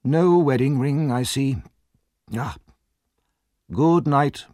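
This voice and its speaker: A man voicing a weary male workhouse doctor who speaks briskly and matter-of-factly. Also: medium pitch, dark tone, dry recording, clean studio sound, pitched above the performer's own voice, natural voice.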